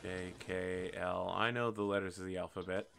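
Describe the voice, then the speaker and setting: A man's voice: low voice, little pitch movement, normal speed, creaky, a bit bright, slight background noise. A man hosting and narrating a tabletop role-playing game as game master, in a chatty, self-deprecating way.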